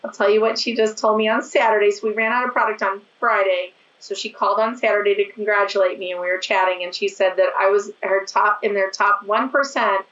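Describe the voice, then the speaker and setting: Brief: hoarse, raspy woman guest in her 40s, bright voice, chatty and quick, distant dull mic in a roomy space. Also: mid-range voice, steady tone. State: hoarse from overuse. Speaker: guest, business owner. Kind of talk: casual interview chat. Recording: echoey, distant, dull sound.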